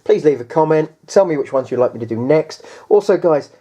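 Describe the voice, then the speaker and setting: A man with a fairly high, warm, expressive voice chats briskly while unboxing a tabletop game. His talk is casual and rambling, with hesitations, frequent restarts, and constant references to the viewers as guys.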